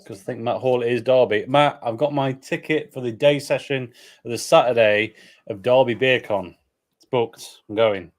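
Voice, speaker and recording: A man's voice: medium pitch, normal speed. Brief: English man co-hosting a beer stream at home, reads out chat comments, joking and rambling. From England. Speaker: live stream co-host. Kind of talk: casual chat reading viewer comments.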